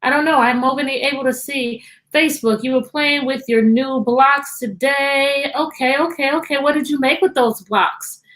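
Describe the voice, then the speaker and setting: A woman's voice: sits high, moderate pace, fairly bright tone. A woman teacher hosting a live-streamed storytime from her computer at home, cheerfully greeting children by name.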